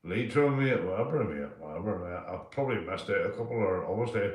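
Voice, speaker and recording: Deep-voiced and lively in intonation, a Northern Irish man of about fifty-five talks fairly quickly on his livestream. Chatting casually and reading comments, he rambles, swears and repeats himself, sounding far from the mic in an echoey room.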